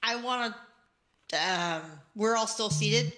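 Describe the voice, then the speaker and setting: A woman's voice: medium pitch, slow pace, fairly bright tone. A woman playing a tabletop game, chatting casually and asking hesitant questions. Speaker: player.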